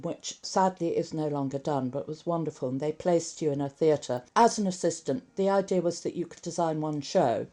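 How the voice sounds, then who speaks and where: A woman who works as a costume designer, telling stories of her career in an animated interview with some laughter. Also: sits low. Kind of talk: conversational interview recollection.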